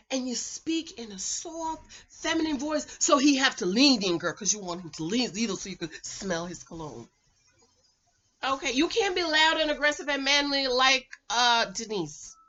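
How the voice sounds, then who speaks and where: A woman from the Caribbean islands chatting casually as a reviewer, reading viewer comments aloud in a loud, playful way, recorded on a camera mic without a microphone. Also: a little high, moderate pace. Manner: animated, loud, laughs often, playful. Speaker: YouTube reality-show reviewer. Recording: dull lo-fi camera audio.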